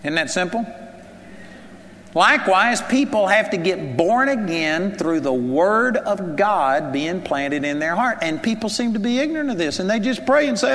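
A man's voice: high voice, expressive, normal speed, a bit bright. A man preaching a sermon in an earnest, conversational way, asking his listeners rhetorical questions. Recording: long hall reverb.

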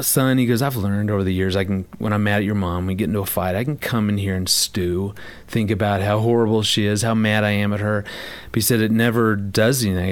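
Animated male storyteller hosting a chat. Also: on the low side. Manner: animated storyteller, acts out quoted voices. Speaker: host. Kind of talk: casual chat.

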